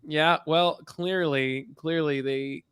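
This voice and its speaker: A man co-hosting a podcast in casual chat, teasing and rambling with animated shifts. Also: a little high, slow, smooth, dry recording. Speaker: podcast co-host.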